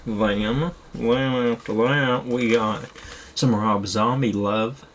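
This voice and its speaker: A young man chatting casually and rambling excitedly as a streamer, with the odd curse word. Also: medium pitch, slow, slight background noise. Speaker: streamer showing his movie collection. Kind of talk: casual chat.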